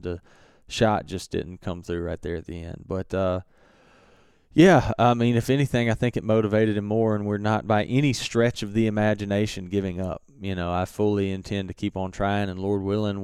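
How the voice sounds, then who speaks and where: Low-voiced man telling a hunting story. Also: clear, resonant tone, no echo, studio quality. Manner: relaxed, halting, many fillers and restarts. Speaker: turkey hunter recounting a hunt. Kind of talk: casual storytelling.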